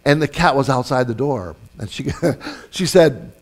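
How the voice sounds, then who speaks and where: A pastor with a mid-range, animated voice gives an unhurried sermon in church. He tells stories loosely and conversationally, with frequent fillers and restarts.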